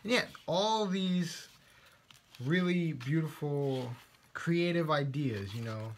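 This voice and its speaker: A man's voice: fairly high pitch, expressive, takes it slowly, vocal fry, a little hiss or hum. Playful Texan man demoing crafts. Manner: playful, silly, joking asides. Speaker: guest presenter of a craft show. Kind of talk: casual live craft demo, reading viewer comments.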